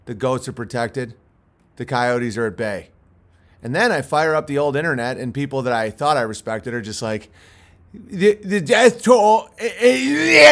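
A man's voice: mid-range voice, a bit bright. A man talks into his phone outdoors on a farm at night. He rambles and swears, cracks jokes, laughs often, and acts spooked in jest, all in his plain everyday voice. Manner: profane, joking, mock-spooked, laughs often. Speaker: livestream host. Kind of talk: casual rambling livestream talk.

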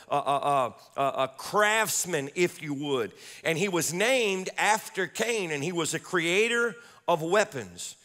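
A man's voice: high-pitched, fairly bright tone, big-room sound. A man preaching a sermon as pastor, repeating phrases and calling on the congregation to recite verses aloud.

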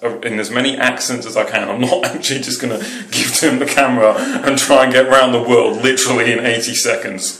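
A man's voice: mid-range voice, fairly bright tone. A cheeky young Englishman with an English accent, rambling and swearing casually as he films a vlog. His voice sits in a middle register. The indoor room gives it a noticeable echo. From England. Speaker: vlogger. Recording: echoey room.

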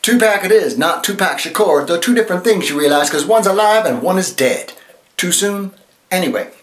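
A man playing a flamboyant male infomercial pitchman with over-the-top sales patter, recorded in an echoey room. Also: expressive, normal speed. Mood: hyped.

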